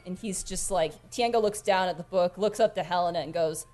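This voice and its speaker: A woman's voice: medium pitch, moderate pace, darkish tone. Casual woman narrating as game master. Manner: casual, many fillers, giggly.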